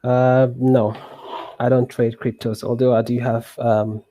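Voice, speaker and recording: A man streaming live trading, answering viewer questions in a relaxed, rambling way with many restarts and fillers. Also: medium pitch, a little slow, dry recording.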